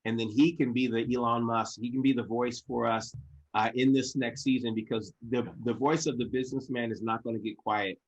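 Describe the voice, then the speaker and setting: A man hosts an online business gathering and gushes over his guest in a fervent, motivational way. He circles back and repeats phrases as he builds up to blessings. His voice sits in a middle pitch, and the call audio is dull and lo-fi. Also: fairly even intonation, a little fast. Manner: effusive, praising, repeats himself with restarts. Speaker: host.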